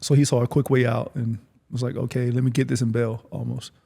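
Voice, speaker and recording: Gravelly-voiced man hosting a podcast. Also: medium pitch, fast. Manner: relaxed, repeats words, asks follow-ups. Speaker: podcast host. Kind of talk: casual interview. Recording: long reverb.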